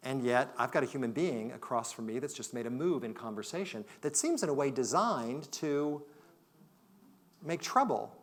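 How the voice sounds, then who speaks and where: Man, conference speaker, reflective storyteller, mid-pitched voice. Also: lively intonation, moderate pace. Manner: reflective, shifts from loud to hushed. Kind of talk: storytelling keynote talk. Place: conference hall.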